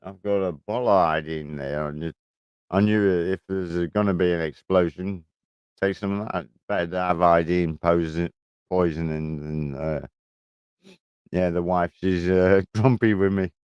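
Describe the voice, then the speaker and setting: A middle-aged man rambles through a casual home vlog, laughing now and then and swearing without a second thought. His voice sits low with a smooth, clear tone, recorded close and dry with no room echo. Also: fairly even intonation, a little slow, darkish tone, dull audio. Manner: rambling, chuckling, swears freely. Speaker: vlogger. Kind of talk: casual chat to camera.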